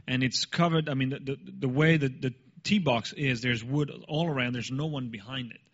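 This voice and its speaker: A man casually telling a personal story in an animated way, laughing now and then. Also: medium pitch, normal speed, lo-fi sound. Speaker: speaker sharing a story.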